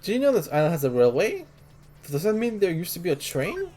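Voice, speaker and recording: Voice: medium pitch, huge pitch swings, a little fast, mellow, faint music behind. A gamer casually reading game text aloud. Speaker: let's play host.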